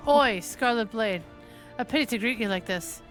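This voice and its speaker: Woman putting on a rough young gang leader voice, Hugh. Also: fairly high pitch, lively intonation, normal speed, fairly bright tone, soft background music. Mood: menacing. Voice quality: put-on rough accent. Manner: swaggering threats.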